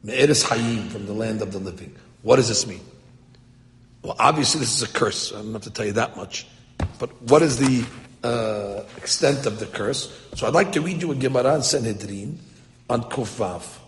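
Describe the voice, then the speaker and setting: A man teaching a text-study lecture to a class, animated and translating phrases line by line. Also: medium pitch, moderate pace. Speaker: Torah teacher. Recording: echoey hall.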